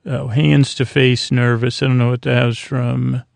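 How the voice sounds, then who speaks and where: Gravelly, flat-voiced man rambling sleepily. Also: unhurried, dry recording. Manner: rambling, hesitant, many fillers and restarts; low-key, drowsy delivery. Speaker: podcast host. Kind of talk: sleep podcast episode recap.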